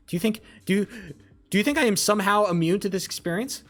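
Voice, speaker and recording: A man's voice: high-pitched, expressive, rapid-fire, fairly bright tone, faint music behind. Profane young man streaming, rambling. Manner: rambling, profane, jokey, talks to chat. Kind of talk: casual live-stream chat with viewers.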